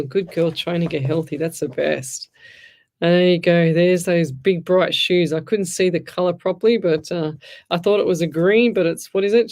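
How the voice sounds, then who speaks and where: A woman's voice: on the low side, darkish tone. A middle-aged woman, a psychic medium hosting a show, chatting loosely and giving frank advice while reading out comments. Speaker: psychic medium radio host. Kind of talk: casual live-stream chat, reading out comments.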